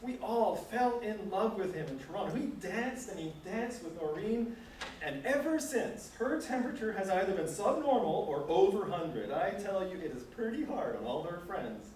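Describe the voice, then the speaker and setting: A man's voice: sits high, big pitch swings, moderate pace, a little mellow, slight background noise, pitched above the performer's own voice. A man voicing a chatty young modern city woman. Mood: teasing. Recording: echoey room, distant mic.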